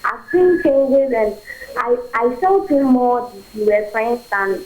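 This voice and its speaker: A woman calling in to a talk show, speaking softly and hesitantly about her confusion. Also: a little high, animated, slow pace, rough recording. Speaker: phone-in caller. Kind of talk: call-in confession.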